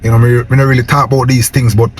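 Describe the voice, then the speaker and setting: A young Jamaican vlogger talks fast in a medium, fairly flat pitch, ranting casually to camera in a Patois accent. He's passionate and preachy, repeating "yo" and "man," and the recording carries a little hiss or hum.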